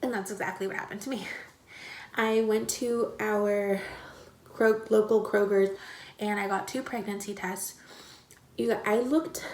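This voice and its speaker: A young woman talks straight to her camera, recounting her own story in a loose, conversational way with plenty of "like" and "um". Her voice sits at a middling pitch. The sound is roomy, with an audible echo off the walls. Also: fairly even intonation, unhurried, long pauses, a little mellow. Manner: chatty, many fillers and "like". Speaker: vlogger. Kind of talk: casual personal storytelling to camera. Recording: echoey room.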